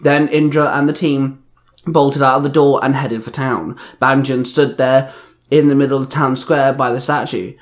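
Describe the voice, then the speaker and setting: A man's voice: mid-range voice, steady tone, normal speed. Man plainly reading an action story. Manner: plain reading with small slips and restarts. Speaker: reader. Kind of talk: reading fan fiction aloud.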